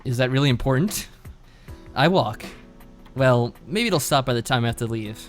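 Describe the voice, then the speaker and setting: Laid-back male streamer reading game narration with an animated lilt; soft music underneath. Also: medium pitch, moderate pace. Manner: laid-back, reads narration aloud with lively inflection. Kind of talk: casual game chat and reading aloud.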